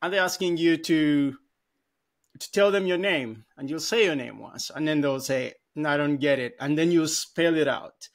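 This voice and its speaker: A man with a voice pitched a little above the usual male range, co-hosting a podcast. He speaks in a relaxed conversational way, thinking aloud and working through ideas with everyday examples. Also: normal speed. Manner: thoughtful, explains with everyday examples. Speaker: podcast co-host. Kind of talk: casual conversation.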